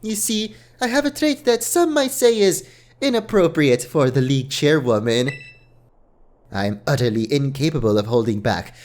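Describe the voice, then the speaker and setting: A man voicing a formidable female league champion from a game, reading her lines in a measured, formal way with a lowered voice. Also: animated, a little mellow, lightly acted.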